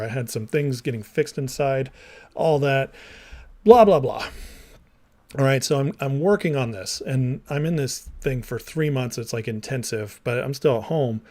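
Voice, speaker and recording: A man's voice: mid-range voice, moderate pace, a little mellow. A man tells his personal story straight to viewers in a candid, rambling way. He often says "like," restarts his sentences and acts out the lines of past conversations. He speaks as someone who was once a minister and counselor. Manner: rambling and candid, acting out remembered dialogue; heavy use of "like" and restarts.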